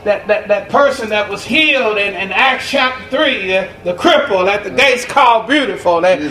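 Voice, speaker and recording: A male pastor preaching a sermon, shouting and repeating calls to the congregation, which answers him. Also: high voice, moderate pace. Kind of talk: sermon with call-and-response. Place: church sanctuary. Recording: echoey church with congregation. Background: congregation calling back.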